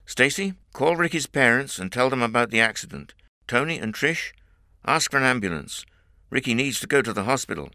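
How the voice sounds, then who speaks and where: A man's voice: medium pitch, expressive, fairly quick, pushed and bright, no room sound, studio quality, pitched above the performer's own voice. A man voicing a firm, concerned male teacher in a storybook reading.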